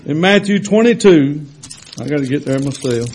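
A man preaching a sermon to his congregation in a folksy, conversational way, swelling to loud, drawn-out emphasis when he reads scripture. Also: a little high, lively intonation, breathy edge, poor audio. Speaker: pastor. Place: church sanctuary with congregation.

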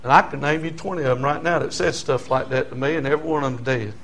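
A man in his sixties with a Southern American accent, giving a testimony sermon in church, swinging from quiet storytelling to near shouting and chuckling often. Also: mid-range voice, fast talker. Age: 60s.

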